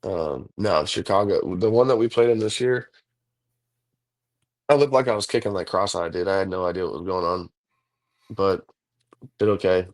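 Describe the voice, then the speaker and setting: A man's voice: sits low, normal speed, long pauses. A man, a professional football kicker, talking casually as the guest in an interview, rambling through stories with lots of "like" and "dude". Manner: laid-back, rambling storyteller, says "like" and "dude" a lot.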